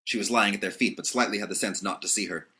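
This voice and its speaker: A man narrating an audiobook with expressive storytelling. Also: lowish voice, fast talker, breathy edge.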